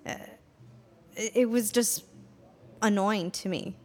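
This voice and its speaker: Young woman podcast co-host, Salvadoran American, casual and rambling, medium pitch. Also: takes it slowly. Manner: chatty, many fillers and restarts. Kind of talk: casual chat.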